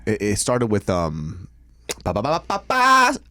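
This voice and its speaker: Dude on a podcast laughing and cussing, telling stories, dry close sound. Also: male voice, lowish voice, huge pitch swings, unhurried, bright, forceful tone, no room sound. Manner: laughing, profane, storytelling. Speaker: podcast co-host. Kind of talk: casual podcast banter.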